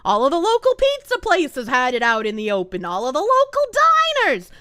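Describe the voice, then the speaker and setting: A young woman streamer from Boston chats and rants at her audience, cursing freely. Her voice sits very high and leaps all over the place with animated energy. The sound is dry and close, like a desk microphone at home. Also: fairly quick, clear, resonant tone, no room sound. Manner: animated, profane ranting. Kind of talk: casual live-stream chat.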